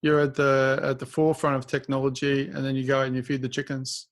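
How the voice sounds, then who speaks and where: A man hosting a podcast, friendly and teasing with his guest and quick to laugh. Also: medium pitch, completely flat delivery. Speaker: podcast host. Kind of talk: casual podcast chat.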